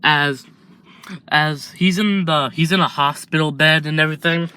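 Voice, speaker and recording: A man narrating an improvised fan story, halting and restarting often as he goes. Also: a little high, fairly even intonation, bright, forceful tone, clear, resonant tone.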